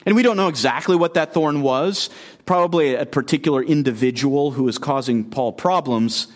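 A man's voice: fairly high pitch, normal speed. A man preaching an expository sermon as a guest speaker, earnest and emphatic, often repeating phrases and asking the listeners questions.

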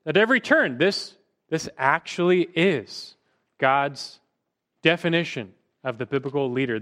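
A man's voice: mid-range voice, a bit bright. A man teaching a Bible lesson to a class, earnest, asking questions and often repeating words as he goes.

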